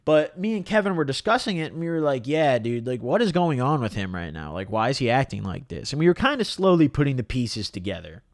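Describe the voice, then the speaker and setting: Animated young man, slangy storyteller. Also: medium pitch, brisk, hardly any pauses, no room sound, studio quality. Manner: slangy, animated, lots of "dude" and "bro". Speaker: vlogger telling a story. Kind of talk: casual storytelling to camera.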